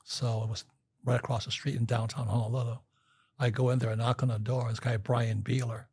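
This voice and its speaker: Rambling older man with a very husky voice. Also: mid-range voice, level tone, fairly quick, a little mellow, no room sound. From Hawaii. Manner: rambling anecdotes with acted-out quotes and restarts. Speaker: guest. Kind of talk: casual storytelling interview.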